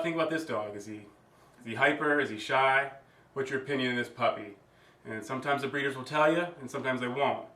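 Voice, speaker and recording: A man gives a relaxed, plain-spoken lesson as a dog trainer, talking at a middle pitch. He drops in easy fillers as he explains. His voice sits back from the mic in a roomy space with noticeable reflections. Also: slight background noise. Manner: relaxed, plain-spoken, with frequent "you know" and "um". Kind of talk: casual instructional demonstration. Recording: roomy sound from a distance from the mic.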